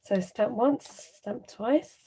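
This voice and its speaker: Lady doing a live crafting stream, mellow husky voice, chatty, chuckles a lot and talks to the chat. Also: on the high side, slow pace. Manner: chatty, laughs often, mutters asides while working; talks straight to viewers and reads out their comments. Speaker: papercraft demonstrator hosting a live stream.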